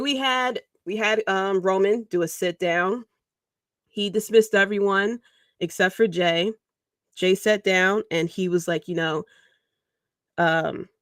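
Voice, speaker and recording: A man's voice: high voice, fairly bright tone, dry recording, clean studio sound. A man hosting a podcast, rambling through casual wrestling commentary and acting out quotes with chuckles. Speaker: podcast host.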